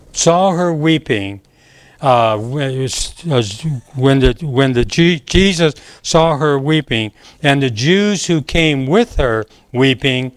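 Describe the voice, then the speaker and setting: Male pastor, unhurried emphatic sermon voice, dry recording. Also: fairly high pitch, no room sound. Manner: slow, emphatic preaching with rising emphasis. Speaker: preacher.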